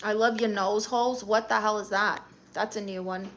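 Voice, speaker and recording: A woman's voice: mid-range voice, steady tone, moderate pace, a bit bright, a little hiss or hum. A woman from Brooklyn with a New York accent, casually chatting on a live stream and firing sassy comebacks at viewers. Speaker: comedian live-streamer reading chat.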